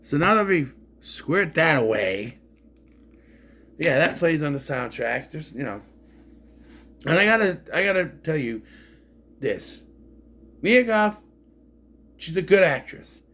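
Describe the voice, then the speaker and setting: A man's voice: on the high side, sing-song, takes it slowly, long pauses, a bit bright. A man casually reviewing a film, rambling and frank, swearing freely as he complains. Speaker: movie reviewer.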